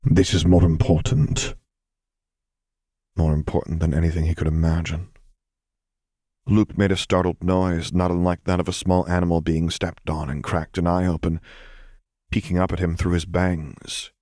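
Male reader, deep voice, calm storytelling, dry recording. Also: normal speed, dry recording. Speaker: audiobook reader. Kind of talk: fan fiction audiobook narration.

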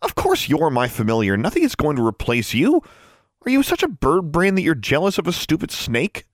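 A stubborn, kind-hearted teenage witch girl speaks earnestly and straight to the point, as a male storybook narrator voices her in a slightly raised, lively tone. The recording is dry and close. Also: medium pitch, normal speed, no room sound. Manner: earnest and direct.

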